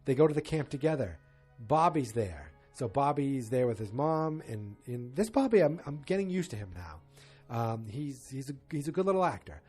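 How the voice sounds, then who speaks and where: A man with a husky, slightly breathy voice at a middle pitch talks through a TV episode in a loose, rambling podcast recap. He drops into quoted lines from the characters as he goes. Faint music sits underneath. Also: very animated, normal speed, darkish tone. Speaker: podcast host.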